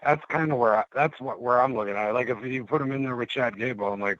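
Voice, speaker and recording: A man's voice: medium pitch, brisk, few pauses, dry recording, dull audio. A man calling in as a podcast guest, chatting casually about wrestling in a joking, teasing way.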